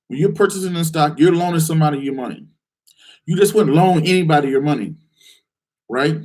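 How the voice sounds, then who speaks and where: A man hosting a live investing call-in show, answering viewers' questions in a direct, challenging way with lots of rhetorical questions. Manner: animated, acts out excited investors in a higher voice.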